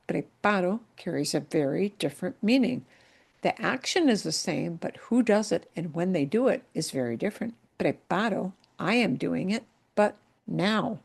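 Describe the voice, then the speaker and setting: A woman's voice: mid-range voice, creaky, darkish tone. A woman teaching a Spanish class, who explains patiently, repeats words with the stress on the right syllable and keeps checking in with "yeah?" and "okay?". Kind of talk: online language class.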